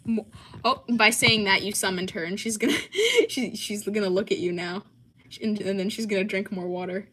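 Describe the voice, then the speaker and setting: A woman's voice: medium pitch, expressive, normal speed, bright, forceful tone, slight background noise. A young American woman hosting a casual livestream and answering chat, with lots of ums and likes. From United States. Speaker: livestream host.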